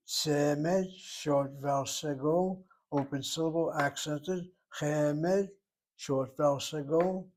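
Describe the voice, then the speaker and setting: An older man teaching a Hebrew class, patiently explaining and slowly spelling out words. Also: on the high side, a little mellow. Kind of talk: classroom lesson.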